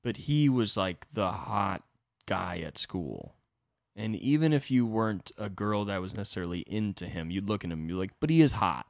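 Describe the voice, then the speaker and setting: A young man hosts his own podcast, telling a comedic story full of profane, rambling asides. His voice sits fairly low but swings widely in pitch. The sound is close and dry. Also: animated, normal speed, gravelly, no room sound. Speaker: podcast host.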